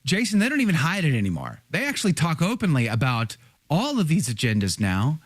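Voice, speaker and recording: A man's voice: fairly high pitch, huge pitch swings, a little fast, dry recording. A man hosting a podcast, asking engaged, prompting questions. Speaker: podcast host. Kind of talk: conversational interviewing.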